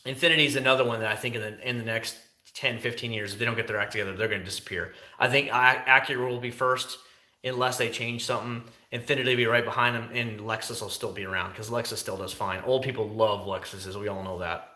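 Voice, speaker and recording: Chatty, bright-voiced male streamer. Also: mid-range voice, fast, reverberant. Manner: animated, talkative, answers chat questions. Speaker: livestream host. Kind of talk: casual livestream chat.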